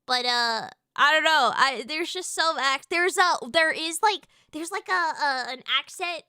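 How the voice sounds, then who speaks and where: A young American woman streaming from home, chatting casually and rambling excitedly, with lots of restarts and fillers. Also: high voice, measured pace, no echo, clean studio sound. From United States. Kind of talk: casual live-stream chat.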